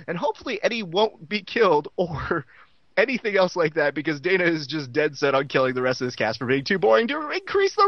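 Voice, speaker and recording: Podcast host, male, sarcastic and profane; fairly high, animated voice, lo-fi. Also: dry recording. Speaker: podcast host recapping a show. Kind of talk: comedic recap.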